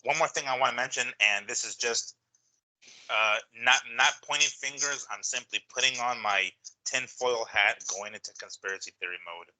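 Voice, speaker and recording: A man co-hosting a casual boxing talk show, speaking bluntly with swearing and halting restarts. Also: medium pitch, sharp tone, rough recording. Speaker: podcast co-host. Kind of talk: casual chat.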